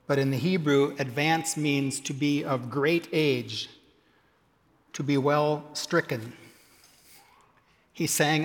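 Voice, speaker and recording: A man's voice: on the high side, fairly even intonation, takes it slowly, long pauses, in a large hall. A man preaching a sermon, reading scripture aloud and adding humorous asides. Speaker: pastor.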